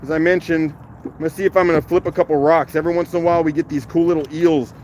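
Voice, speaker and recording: A man hosting a casual live stream outdoors on a rocky shoreline, chatting, greeting viewers by name and laughing easily, recorded on a phone held in one hand, his voice a little rough from the morning. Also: a little high, fairly even intonation, very fast, a little mellow, slight background noise. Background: faint outdoor waterside ambience.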